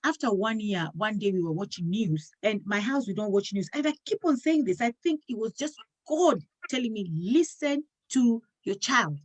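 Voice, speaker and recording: A woman's voice: medium pitch, lively intonation, brisk, few pauses. A middle-aged woman hosting a talk show, telling a personal story in earnest and acting out what was said. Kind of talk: casual talk show conversation.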